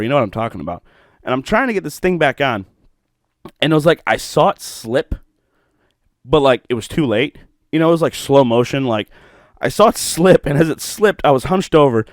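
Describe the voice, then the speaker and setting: A young man hosting a podcast from home, telling stories in a profane, animated way with bursts of laughter. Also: medium pitch, no room sound, studio quality. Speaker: podcast host. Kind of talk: solo podcast monologue.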